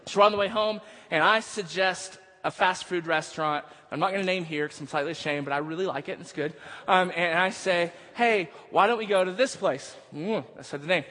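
A man's voice: a little high, fairly quick, few pauses, bright, forceful tone. A male pastor preaching a sermon, moving from casual storytelling into emphatic preaching. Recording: long hall reverb.

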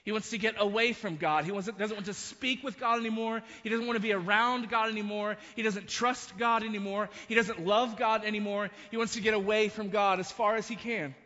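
A man's voice: sits high, fairly even intonation, a little fast, hardly any pauses, sharp tone, in a large hall, muffled recording. A man preaching a sermon, retelling a story with frequent restarts and asides. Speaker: pastor.

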